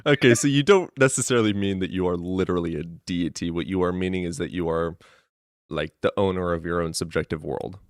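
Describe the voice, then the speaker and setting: A man hosting a debate stream who talks in a blunt, crude way and is quick to agree. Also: low-pitched, dry recording, studio quality. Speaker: streamer host.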